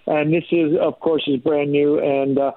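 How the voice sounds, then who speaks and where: Chatty comedian guy on a radio interview, fairly high voice, muffled lo-fi sound. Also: little pitch movement, normal speed. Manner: chatty, playful. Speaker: comedian and ventriloquist guest.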